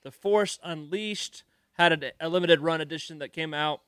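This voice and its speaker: A man's voice: on the high side, normal speed, a bit bright, clear, resonant tone, no room sound. A man co-hosting a casual podcast, easygoing and joking as he chats. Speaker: podcast co-host. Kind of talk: casual chat.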